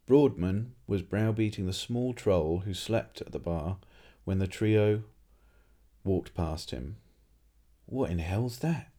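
A man reading a story aloud in a steady narration, with occasional restarts. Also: low-pitched, slow. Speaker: reader.

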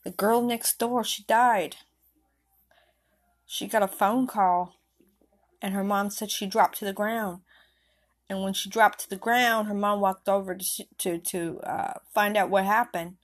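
A woman telling an improvised story in a rambling, halting way with many restarts. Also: mid-range voice, fairly even intonation.

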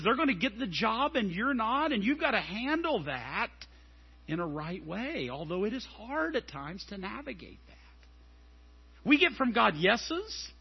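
A middle-aged man preaching a sermon as a pastor, animated and telling stories. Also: high-pitched, breathy edge, lo-fi sound. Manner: animated and storytelling, acting out scenes.

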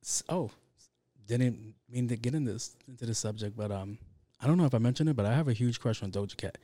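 A man's voice: mid-range voice, a little fast, mellow, dry recording, studio quality. A man hosting a podcast alone, talking casually in a rambling way with lots of fillers and swearing. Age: adult with kids. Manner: rambling, profane, heavy with fillers. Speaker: podcast host. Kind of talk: casual solo podcast chat.

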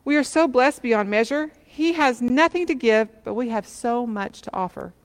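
A woman's voice: fairly high pitch, moderate pace, big-room sound, lightly acted. A woman voicing a joyful, eager father welcoming his lost son home, calling out urgently and pleading. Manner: urgent, pleading, excited calls.

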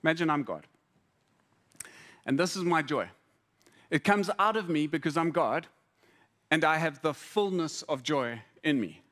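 A man preaching a sermon to a congregation, conversational and humorous, with lively repetitions. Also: on the high side, measured pace, pauses often. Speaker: pastor. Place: church hall before a congregation.

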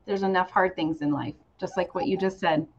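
A woman in her forties hosts a casual interview, speaking a little fast in a fairly low, fairly even voice. She encourages her guest with warm affirmations. The audio is slightly dull and lo-fi.

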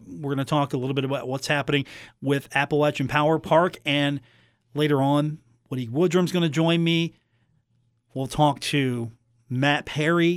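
A man hosting a sports talk radio show, chatty and joking with quick asides. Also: on the high side, dry recording, studio quality. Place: radio studio.

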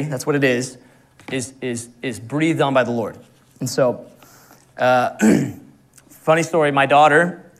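Earnest young male preacher, fairly high voice. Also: fairly bright tone. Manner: earnest, laughs often at his own stories. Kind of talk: sermon.

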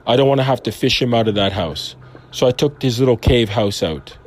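A man's voice: mid-range voice, lively intonation, brisk. A man in his fifties telling a personal faith story in an earnest, rambling, self-questioning way. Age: 50s. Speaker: Christian storyteller. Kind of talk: personal testimony monologue.

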